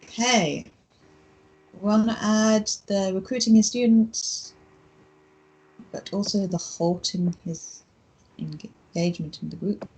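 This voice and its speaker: A woman co-hosting a let's play, giving brief directive replies with a husky voice. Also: medium pitch, slow, long pauses, a little mellow, rough recording. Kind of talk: casual gaming commentary.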